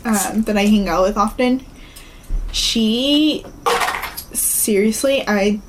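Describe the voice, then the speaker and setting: A woman's voice: medium pitch, slow, background noise. A woman co-hosting a podcast in casual chat, laughing often and acting out the people she quotes. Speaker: podcast co-host.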